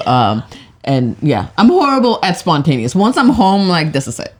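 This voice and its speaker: A young woman who is a guest on a podcast, chatting casually and reacting with quick laughs. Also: on the low side, sing-song. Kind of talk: casual chat.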